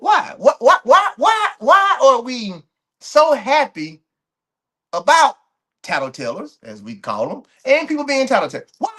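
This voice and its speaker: A man's voice: very high-pitched, sharp tone. A man hosting a track and field commentary show, ranting bluntly to his viewers and repeating words as he restarts his points.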